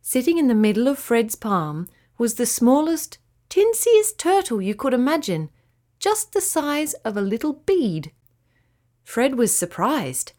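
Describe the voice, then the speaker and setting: A woman narrating a children's bedtime story in a gentle, expressive way. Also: a little high, unhurried.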